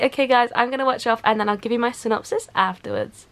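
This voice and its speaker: A woman's voice: fairly high pitch, fast, fairly bright tone. A young woman vlogging casually from home in front of the TV, bubbly and gushing, with lots of "like" and "literally". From United Kingdom.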